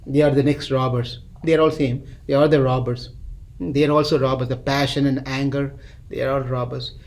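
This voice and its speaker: A man teaching a scripture class, chanting verses slowly and then explaining them as a story. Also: medium pitch, little pitch movement, vocal fry, a little mellow.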